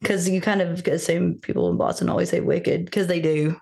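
A woman with a slightly low voice hosting a horror podcast. She talks fast and loose, swears freely and keeps the chat moving along. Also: creaky, husky. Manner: chatty, profane, animated, quick to laugh. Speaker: podcast host. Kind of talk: casual chat.

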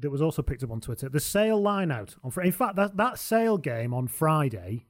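A man's voice: a little high, very animated, a little fast. A man hosting a casual sports chat, delivering dry, jokey quips. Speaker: podcast host.

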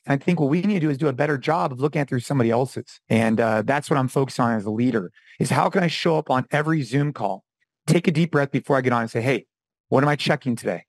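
A man in his forties talking casually as a podcast guest, telling stories with animated delivery and acting out quotes. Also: fairly high pitch, no echo, poor audio. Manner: animated storytelling, acts out quotes. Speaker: podcast guest, former fitness champion and gym owner. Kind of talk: casual interview talk.

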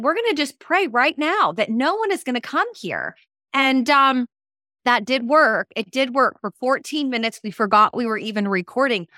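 A woman co-hosting a podcast as a coach, telling stories in a lively way and acting out quoted dialogue. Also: a little high, dry recording, clean studio sound. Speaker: co-host and coach. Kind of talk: casual podcast storytelling.

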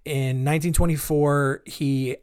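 A man's voice: on the high side, fairly even intonation, measured pace, a little mellow, clear, resonant tone. Chatty joking male podcast host. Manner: chatty, joking, laughs at grim details, many fillers. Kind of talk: casual true-crime podcast narration.

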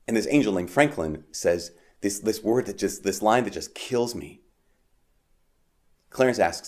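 A man reading scripture in a measured, solemn way, then giving a chatty homily as a priest, full of "like" and "um". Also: on the low side, expressive. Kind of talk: Gospel reading and casual homily.

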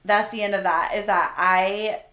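A woman co-hosting a podcast, telling a story in an animated, chatty way with lots of "like". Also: mid-range voice, measured pace. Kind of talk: casual storytelling chat. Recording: echoey room.

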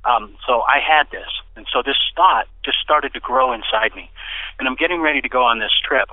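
Excited man telling his story over a phone line. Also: moderate pace, no echo. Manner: animated storyteller who bursts into excited, high-pitched quoted speech. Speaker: interview guest. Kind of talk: personal testimony in casual conversation. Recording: dry, tinny phone-like line.

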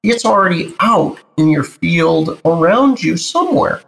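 A male spiritual teacher, a guest in an interview, explaining slowly and deliberately and speaking straight to the host. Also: fairly high pitch, animated, creaky, fairly bright tone.

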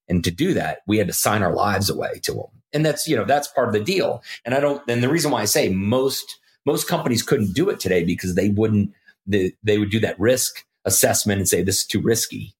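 A middle-aged man, a podcast guest, telling a story in casual talk and acting out the quoted lines with jumps in pitch. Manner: animated, acts out quoted dialogue with jumps in pitch.

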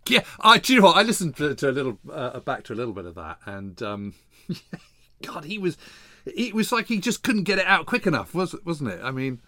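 A man co-hosting a history podcast, chatting casually, his sentences often trailing off softly. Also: on the high side, big pitch swings, fairly quick, dry recording. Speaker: podcast co-host. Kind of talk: casual chat.

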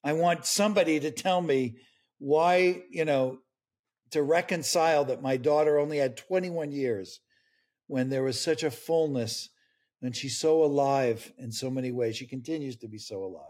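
In an emotional interview, an older man appearing as a grief expert speaks earnestly and through tears. His medium-pitched voice has a darkish tone and moves at normal speed.

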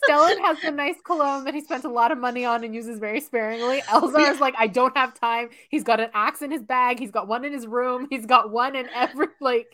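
A woman's voice: a little high, fairly quick, few pauses, fairly bright tone. A woman co-hosting a casual fan chat, thoughtful and rambling, with many fillers. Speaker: podcast co-host.

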